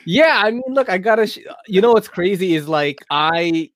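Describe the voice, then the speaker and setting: A man's voice: high-pitched, animated, normal speed, fairly bright tone, no room sound, clean studio sound. A man hosting a live podcast in loose, casual chat, often laughing and swearing. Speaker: podcast host.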